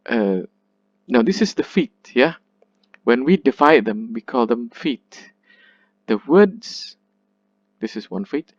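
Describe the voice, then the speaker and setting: Slow, lively-pitched male lecturer. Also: no echo, dull audio. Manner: slow, deliberate, exaggerates stress when reading lines aloud; frequent "yeah?" checks and self-corrections. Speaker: literature lecturer. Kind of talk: recorded lecture on poetic meter.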